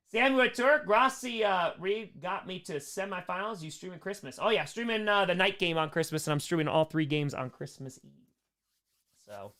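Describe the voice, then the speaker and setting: Excitable young man calling plays live. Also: sits high, smooth. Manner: excitable, hypes up viewers, quick shifts between calling plays and reading chat. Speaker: live stream play-by-play host. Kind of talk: live play-by-play and chat reading.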